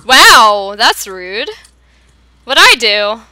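A woman with a Philadelphia accent chatting casually while playing a game, playful and quick to laugh. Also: on the high side, very animated, pushed and bright, clean tone. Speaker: gamer. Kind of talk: casual gameplay chat.

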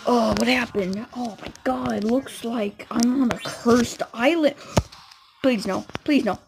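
A young woman giving casual, excitable commentary while playing a video game, often squealing and giggling. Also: a little high, takes it slowly, creaky, noisy background. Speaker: gamer.

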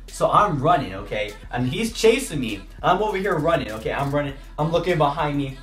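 Young man, casual storytime, animated delivery, roomy echo. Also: fairly high pitch, brisk, few pauses. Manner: animated, acts out voices, jokey asides. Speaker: YouTuber. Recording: echoey room, music behind.

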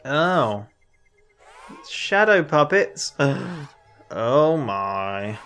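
A gaming channel host giving let's play commentary, excitable, laughing often and talking to themselves. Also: mid-range voice, drawn-out words, clean tone. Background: game music.

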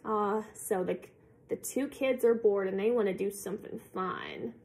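Slow, expressive woman reading a storybook. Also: medium pitch, slight background noise. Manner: slow and expressive, pausing to ask listeners questions. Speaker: storybook reader. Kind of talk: reading a picture book aloud to children.

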